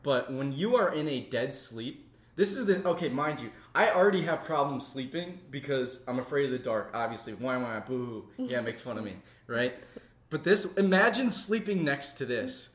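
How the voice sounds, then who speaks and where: A man co-hosting a casual comedy podcast, telling stories in an animated way and swearing often. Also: mid-range voice, moderate pace, reverberant. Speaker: podcast co-host. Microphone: seen on camera.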